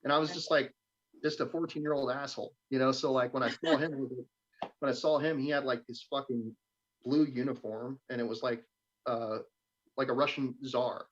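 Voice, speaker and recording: A man's voice: mid-range voice, moderate pace. A young man, a guest on a live stream, casually telling a story, swearing a lot and acting out the voices he quotes. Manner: profane, animated, acts out quoted voices. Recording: dull lo-fi stream audio.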